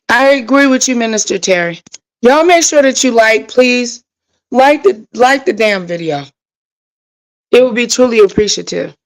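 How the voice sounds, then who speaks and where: Woman streamer, fairly high voice, rambling chat to viewers on a phone mic. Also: low-quality recording. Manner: frustrated, rambling, talks straight to viewers. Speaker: livestream host. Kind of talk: casual livestream chat.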